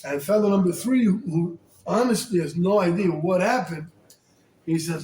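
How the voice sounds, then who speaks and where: Animated high-voiced rabbi in an echoey room. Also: male voice, normal speed. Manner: animated, colloquial, mixes Hebrew and Yiddish terms. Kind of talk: storytelling sermon. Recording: echoey room, faint ambience.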